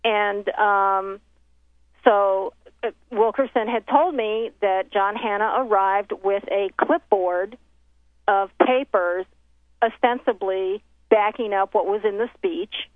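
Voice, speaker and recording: Over a tinny, thin phone line with no room echo, a woman who makes documentaries slowly tells a story from her work. Her voice is medium-pitched, and she retells it animatedly, voicing the people she quotes through many exchanges and frequent restarts.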